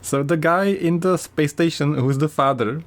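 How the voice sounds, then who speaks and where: A man co-hosting a podcast in casual chat, retelling a story with animated, sarcastic energy and frequent laughs. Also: on the high side, normal speed. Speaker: podcast co-host.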